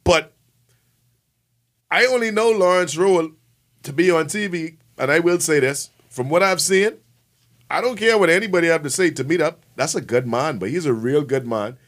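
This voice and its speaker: Man, high-pitched, casual chat, earnest, emphatic. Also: expressive, moderate pace, fairly bright tone. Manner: earnest, emphatic, drops into a low voice.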